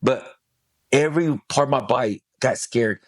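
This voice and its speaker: A middle-aged man, a podcast guest, telling a personal story in casual talk, swearing freely and acting out what people said in a raised, animated voice. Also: medium pitch, normal speed, no echo, clean studio sound. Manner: animated, swears, acts out quoted lines in a raised voice.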